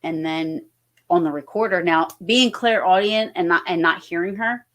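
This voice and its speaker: With a fairly low pitch, a moderate pace, and a slightly bright quality, a woman from New Jersey, USA shares casual stories as a visiting paranormal investigator on a podcast. She rambles, packing in fillers and restarts.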